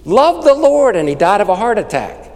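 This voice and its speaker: A man's voice: high-pitched, big pitch swings, normal speed, darkish tone, in a large hall, pitched above the performer's own voice. A man voicing a sassy eighty-one-year-old woman in a joke, with a folksy, teasing delivery. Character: sassy old woman, married four times.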